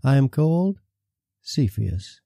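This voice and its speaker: A man voicing a simple-minded beaked beast man in an audiobook, speaking in a flat, literal, childlike way. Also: medium pitch, takes it slowly, vocal fry, no room sound, clean studio sound, exaggerated voice. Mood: blunt. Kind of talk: audiobook character voice.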